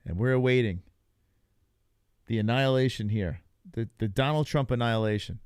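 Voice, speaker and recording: A young man runs a live reaction stream, riffing loosely and tossing jokes at his chat. His voice is smooth and clean, at an ordinary pitch. The sound is dry and close, with no room echo. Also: normal speed. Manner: loose, joking, talks to chat. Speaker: livestream host. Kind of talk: casual live reaction commentary.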